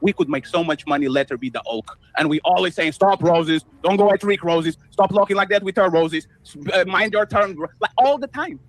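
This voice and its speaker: A man with a high, quick voice argues his point hard on an online panel, pressing in and talking over the others. English is not his first language, and faint music plays underneath. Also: lively intonation, rough recording. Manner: argumentative, talks over others. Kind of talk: heated online panel debate.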